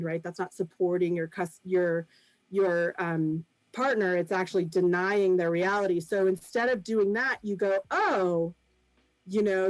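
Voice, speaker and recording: A woman's voice: mid-range voice, darkish tone, no room sound, low-quality recording. A woman guest on a video-call podcast, speaking thoughtfully with frequent ums and light laughs. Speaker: guest, improv performer and business founder. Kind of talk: casual podcast chat.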